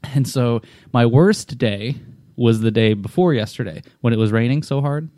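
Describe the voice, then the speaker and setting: A man's voice: medium pitch, normal speed, dark tone, no echo, studio quality. Rambling, foul-mouthed man telling a story. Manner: rambling and profane, with frequent restarts. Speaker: storyteller in a conversation. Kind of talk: casual chat.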